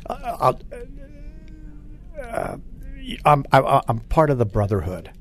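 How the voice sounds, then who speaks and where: An older man, a former Marine recruit, recalling boot camp in an interview with halting speech and many restarts. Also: medium pitch, wildly swooping pitch. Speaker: Marine Corps veteran interviewee. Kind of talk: oral history interview.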